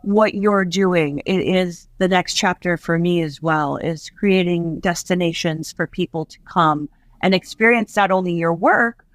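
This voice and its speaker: A woman guest in a casual chat, enthusiastic and quick to laugh. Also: fairly low pitch, dry recording. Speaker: guest interior designer.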